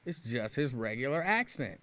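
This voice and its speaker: A man's voice: mid-range voice, very animated, moderate pace, pushed and bright. A man hosting a radio talk show, reading listener comments and giving his opinions in a casual, conversational way. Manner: conversational, opinionated, with frequent restarts.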